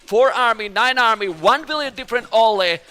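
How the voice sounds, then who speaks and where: Excitable high-voiced male esports caster. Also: fairly quick, smooth. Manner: excitable, exclaims loudly at big moments. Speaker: esports commentator. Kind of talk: live game commentary.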